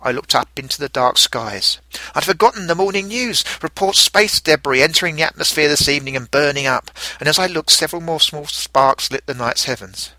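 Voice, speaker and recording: A middle-aged man narrating a first-person story in a reflective, gentle way. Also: a little high, fairly quick, no echo.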